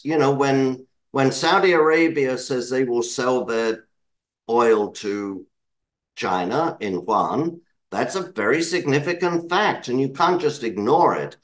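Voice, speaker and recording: Poor audio captures a British man with a medium-pitched, fairly bright voice, a market commentator being interviewed. He drifts off topic as he answers, correcting himself and offering apologetic asides along the way.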